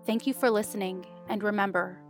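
A woman reading fan fiction aloud for a podcast in a measured, unhurried way. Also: medium pitch, steady tone, soft background music. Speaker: podcast reader.

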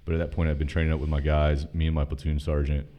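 A man from North Carolina with a very low voice, talking as a podcast guest. He tells stories fast and casually, swears freely, and acts out the other people's lines in animated bursts. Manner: profane, animated, quotes dialogue in his story. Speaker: podcast guest, former Army officer. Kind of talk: casual storytelling.

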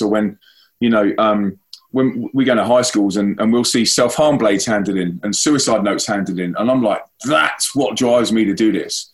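A man's voice: lowish voice, slight background noise. A man with a London accent, an evangelist and band frontman, chatting casually and upbeat in an interview, with lots of restarts.

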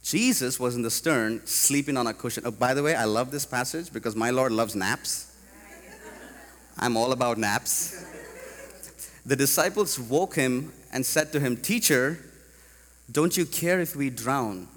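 A man from India preaching a sermon to a congregation, animated and rising to loud emphatic peaks. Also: medium pitch, unhurried, big-room sound. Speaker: pastor. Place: large church hall.

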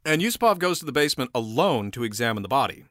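A man's voice: medium pitch, sing-song, fast, a bit bright, no room sound, studio quality. A man casually retelling a story to a friend, laughing often and acting out the characters' lines. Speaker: podcast co-host.

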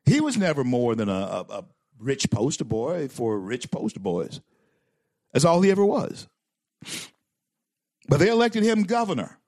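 Man, talk show host, opinionated commentary, slightly high voice, lively pitch, stammering restarts. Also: dry recording, clean studio sound. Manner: emphatic, repeats lines for effect.

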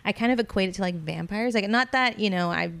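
A woman in casual chat, telling stories in a slangy, animated way and acting out the voices of the people she quotes. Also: medium pitch, fast, creaky.

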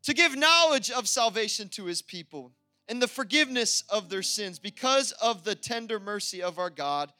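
Male pastor, energetic sermon delivery with playful asides; high, sharp voice. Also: moderate pace, no room sound, soft background music.

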